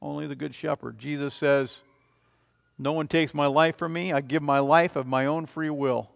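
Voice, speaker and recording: A man preaching a sermon as a pastor, emphatic, swinging between loud declarations and quiet, low passages. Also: fairly even intonation, moderate pace, vocal fry, big-room sound. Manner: emphatic, rising and falling in volume.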